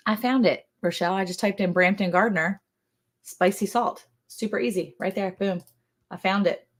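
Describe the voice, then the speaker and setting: A woman's voice: mid-range voice, normal speed, slightly rough. A woman, co-hosting a ranch livestream in casual, chatty conversation. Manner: chatty, animated storytelling. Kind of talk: casual chat.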